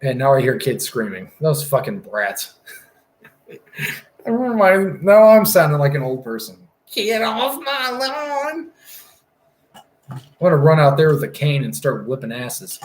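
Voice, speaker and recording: Young male streamer, mid-pitched, loose and profane, roomy echo. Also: expressive, normal speed, a little mellow. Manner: rambling, profane, easily distracted. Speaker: livestreamer. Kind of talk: casual livestream chat.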